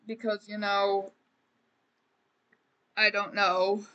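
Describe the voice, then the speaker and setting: A woman's voice: mid-range voice, flat delivery, very slow, pushed and bright, muffled recording. A woman streamer giving casual gameplay commentary, rambling and joking as she talks to the game characters.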